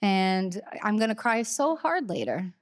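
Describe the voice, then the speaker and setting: A woman in her thirties co-hosting a live podcast on stage before an arena crowd, talking fast and excitedly, with many fillers. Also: medium pitch. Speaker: podcast co-host. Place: large arena, live audience.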